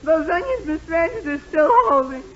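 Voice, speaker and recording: An actor playing a goofy, excitable teenage boy who blurts things out, in 1940s radio comedy acting. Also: very high-pitched, brisk, heavy background noise. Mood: sheepish. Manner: blurts, jumps to conclusions. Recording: dull 1940s radio broadcast.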